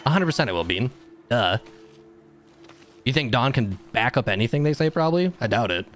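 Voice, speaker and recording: A man streaming a video game live, chatting casually with his viewers and shouting at the screen during fights. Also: medium pitch, expressive, fairly quick, faint music behind. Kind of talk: casual gameplay livestream chat.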